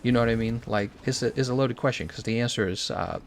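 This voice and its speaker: A man's voice: medium pitch, fast, gravelly, a little hiss or hum. An American man in casual commentary, rambling and opinionated while answering chat questions. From United States. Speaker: streamer.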